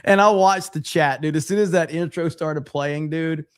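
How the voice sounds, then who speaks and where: A man hosting a livestream, reading viewer messages aloud in loose, profane casual chat. His voice sits slightly high, and the sound is dry and close. He laughs often between reads. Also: normal speed, clear, resonant tone, no room sound. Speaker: livestream host.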